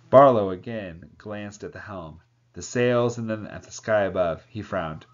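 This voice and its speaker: A man's voice: lowish voice, measured pace. A man reading a novel aloud, voicing the characters and breaking off now and then to comment. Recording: dull lo-fi sound.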